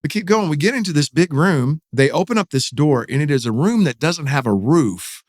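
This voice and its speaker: Animated pastor telling a story. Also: male voice, moderate pace, no room sound, studio quality. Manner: animated, acts out quotes with rising pitch. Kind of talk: storytelling in a podcast interview.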